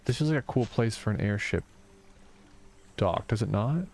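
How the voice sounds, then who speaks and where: Tired, gravelly-voiced man. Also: lowish voice, expressive, moderate pace. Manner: soft-spoken, reading and answering chat. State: tired and low energy. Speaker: streamer. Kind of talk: casual live-stream chat while gaming.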